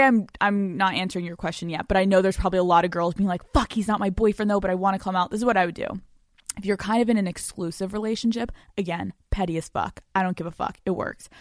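A young woman hosting a podcast, giving casual relationship advice in a blunt, profane, animated way. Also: medium pitch, dry recording, clean studio sound. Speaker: podcast host.

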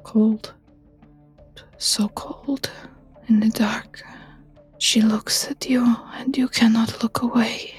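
A woman voicing a delirious, terrified male patient in whispered role-play, speaking halting broken English in fragments. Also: fairly high pitch, flat delivery, a little mellow, husky, soft background music, exaggerated voice. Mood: haunted whisper.

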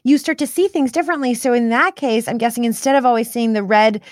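A woman's voice: on the high side, fast talker, no echo, clean studio sound. A woman hosting a podcast, responding with effusive affirmations and open questions. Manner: warm, effusive, affirming interviewer. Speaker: podcast host. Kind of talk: conversational interview.

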